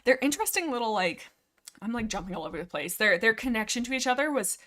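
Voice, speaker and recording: Woman livestream host, casual book chat, excitable, rambling, headset mic. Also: on the high side, fast. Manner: rambling, excitable, filler-heavy chatter.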